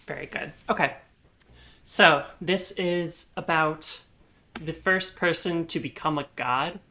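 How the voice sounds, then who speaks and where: A woman with a notably low voice that still carries a bright, forceful edge. She talks casually at a tabletop game night, thinking aloud with plenty of fillers and laughing easily. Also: slow pace.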